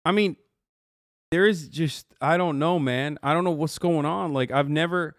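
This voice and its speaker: Male streamer host, slightly high voice, dry close sound, swears a lot and sounds disbelieving. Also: normal speed, dry recording. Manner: profane, incredulous, mocking. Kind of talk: reaction commentary.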